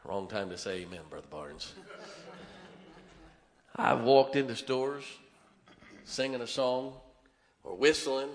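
A man preaching as a Baptist pastor, telling animated personal stories and asking his congregation to listen up. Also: mid-range voice, slow pace, pauses often. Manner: animated storytelling, keeps asking the congregation "can I tell you something". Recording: long reverb of a large hall.

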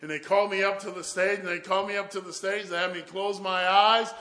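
A man's voice: high-pitched, fairly even intonation, quick pace, bright, forceful tone. A man preaching a sermon, telling a story animatedly and acting out the voices of the people in it, with sudden whoops. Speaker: guest preacher. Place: church. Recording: echoey church room.

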